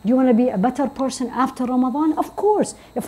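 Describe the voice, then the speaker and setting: Woman, religious teacher; warm, breathy tone, earnest, quizzes the room. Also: fast, few pauses. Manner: earnest, questioning the audience, rising to emphatic high points. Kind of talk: religious talk to women. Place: community centre hall.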